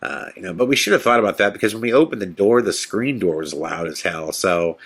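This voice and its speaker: A man hosting a podcast, telling a tense personal story in a casual, animated way and acting out the quotes. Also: fairly quick, husky. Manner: animated storyteller, acts out quotes in a whisper and excited high voice. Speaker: podcast host.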